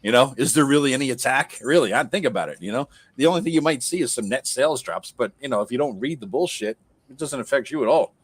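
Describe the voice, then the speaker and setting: A man's voice: mid-range voice, animated, fast, slightly rough. A man talking bluntly and casually on a panel show, swearing freely. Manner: blunt, profane, conversational.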